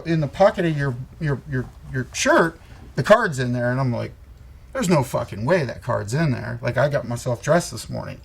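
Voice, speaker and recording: A man's voice: fairly high pitch, creaky. A man telling a long war story in casual, profane, rambling talk, laughing as he goes. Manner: rambling, swears a lot, laughs often. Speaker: co-host.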